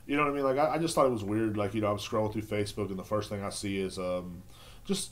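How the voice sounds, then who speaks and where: A man hosts a casual beer podcast and rambles through a profane, sarcastic story. His pitch jumps up and down constantly, with sudden high squeaks whenever he mimics other people. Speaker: podcast host.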